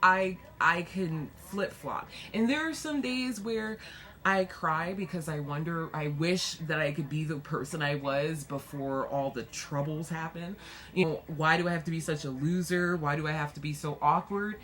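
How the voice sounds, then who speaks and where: Speaking at normal speed, this young woman vlogs casually to camera with excitable energy. Her frequent laughter and high jumps come alongside a self-mocking, dark wit.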